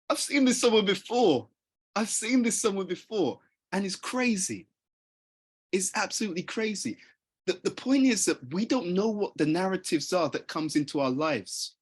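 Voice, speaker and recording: A man with a husky, slightly higher voice gives a motivational talk. He speaks earnestly and conversationally. He keeps turning to his listeners with questions.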